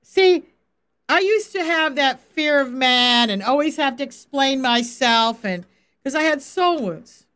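A faith coach and Bible teacher with a high voice leads an easygoing, live-stream-style Bible lesson. She's lively and quick to laugh, often acting out small quotes to drive her points home, and she takes her time.

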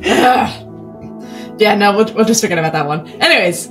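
A woman's voice: mid-range voice, lively intonation, normal speed, soft background music. A woman from California hosting a book podcast, chatty and self-deprecating. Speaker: podcast host. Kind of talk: casual podcast chat.

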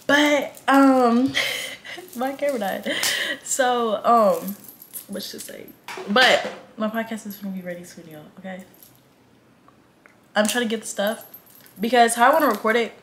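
A woman's voice: medium pitch, fairly bright tone, a little hiss or hum. A woman in her twenties from Atlanta, chatting casually and slangily to her viewers in a vlog. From Atlanta, Georgia. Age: 20s. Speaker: vlogger.

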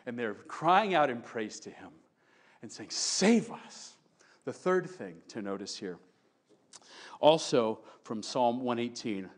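A male pastor preaching a sermon in an animated way, acting out shouting crowds and dropping to quiet talk. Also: mid-range voice.

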